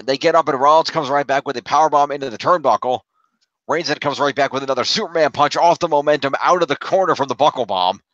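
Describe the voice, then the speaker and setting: A man recapping a wrestling match play by play for a podcast, steady and full of "uh" fillers. His voice comes through a dull, muffled mic in a dry, close space. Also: medium pitch, dry recording. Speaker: podcast co-host.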